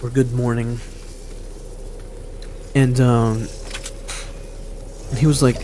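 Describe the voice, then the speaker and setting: A man's voice: medium pitch, fairly even intonation, measured pace, vocal fry, long pauses, darkish tone, a little hiss or hum. A man giving rambling, self-mocking commentary while replaying an old video game match. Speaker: gaming commentator. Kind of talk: casual gameplay commentary.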